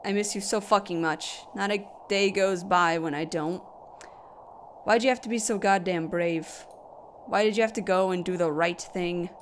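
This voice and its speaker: Casual lowish voice, a woman playing a worn-out young mother at a grave, bitter and tearful, cursing, soft game music behind. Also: steady tone, moderate pace, a little hiss or hum, natural voice. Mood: bitter grief. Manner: tearful, swearing, talking to a grave.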